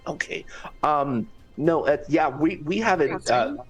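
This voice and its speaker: A man taking part in a tabletop game, rambling through his lines with many fillers and little laughs. He talks into a computer mic, and soft music plays faintly in the background. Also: on the high side, animated, measured pace, husky, distant mic, muffled recording. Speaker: player. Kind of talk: tabletop role-play, in and out of character. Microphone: computer mic with keyboard.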